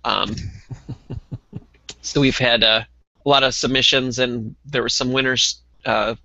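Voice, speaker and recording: A man co-hosting a casual hobby podcast, talking in a relaxed way with lots of ums and uhs. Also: mid-range voice, takes it slowly, dry recording, muffled recording. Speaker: podcast co-host.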